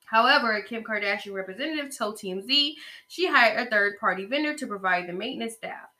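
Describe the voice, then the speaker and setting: Bright, sassy woman podcast host. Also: fairly high pitch, animated, brisk. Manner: chatty, sassy, talks straight to listeners. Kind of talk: casual gossip commentary.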